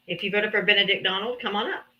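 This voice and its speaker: A woman's voice: medium pitch, fast talker. A woman hosting a live political debate stream, talking casually in a teasing, sarcastic way and talking down to people in the chat. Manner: teasing, sarcastic, talks down to commenters. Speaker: livestream debate host. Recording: dull lo-fi stream audio.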